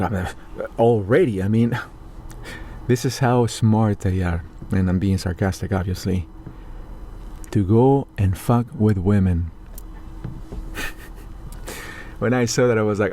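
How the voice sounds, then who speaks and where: Man, from Mexico, heated political rant, profane, sarcastic, mellow dark tone. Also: on the low side, slow pace, long pauses, a little hiss or hum. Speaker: political commentator.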